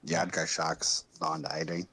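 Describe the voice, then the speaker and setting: A man's voice: very deep voice, little pitch movement, normal speed, pushed and bright, breathy edge, rough recording. A man co-hosting a podcast, giving brief matter-of-fact replies in casual chat. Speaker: podcast co-host.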